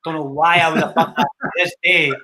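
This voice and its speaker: A man's voice: on the high side, fairly even intonation, brisk, sharp tone. A young Scottish man, a film director, telling his story in a casual interview, blunt and swearing freely. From Scotland. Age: young adult.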